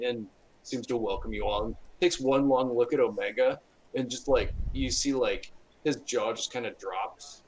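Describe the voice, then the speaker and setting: A man's voice: medium pitch, moderate pace, slight background noise, poor audio. A man running a tabletop game as game master, narrating with many fillers and restarts.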